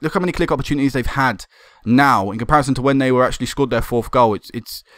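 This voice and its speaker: A young man commentating on a football management game, excitable and swearing when it goes wrong. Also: mid-range voice, fast, no room sound. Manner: excitable, swearing and laughing at goals. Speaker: gaming commentator.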